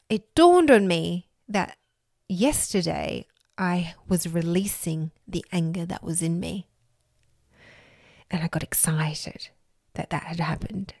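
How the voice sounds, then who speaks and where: Slow, earnest woman telling her story. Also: lowish voice, dry recording, clean studio sound. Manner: earnest, reflective, laughs between thoughts. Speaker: podcast host. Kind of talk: personal storytelling monologue.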